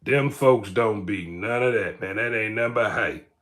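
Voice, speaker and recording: Speaking on the low side at a moderate pace, with a slightly bright tone, a livestream host delivers a casual commentary rant. He hammers his points emphatically, repeats them, and ends lines with "man."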